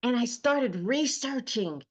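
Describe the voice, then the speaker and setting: Slow, heartfelt woman telling her story. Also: on the high side, animated. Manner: slow, emotional storytelling with emphatic repetition. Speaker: host. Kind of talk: personal testimony monologue.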